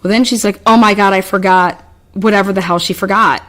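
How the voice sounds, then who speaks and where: A woman recounts a story in casual podcast chat, swearing often and sounding fed up as she rambles and restarts. Her pitch sits in the middle range. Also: fairly even intonation, brisk, fairly bright tone. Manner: profane, exasperated, rambling with many restarts.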